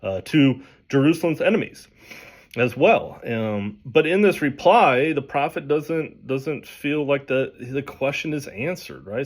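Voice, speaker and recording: A man teaching from the Bible in a relaxed, conversational way, often restarting his sentences. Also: medium pitch, slightly rough. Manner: conversational, with frequent restarts and fillers. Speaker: pastor.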